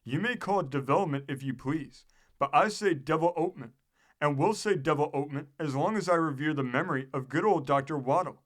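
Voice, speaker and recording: A man reading the lines of a fiery, stubborn old general and president, delivered bluntly and with emphasis, in a fairly high voice. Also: brisk, fairly bright tone. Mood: emphatic.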